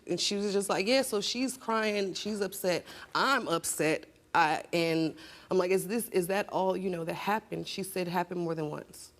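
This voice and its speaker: A young woman with a fairly low-pitched voice speaks as a talk show guest on a studio stage. She tells her story in an upset, urgent way and turns sharp and confrontational when she argues back. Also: vocal fry. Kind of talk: emotional personal account, then heated argument.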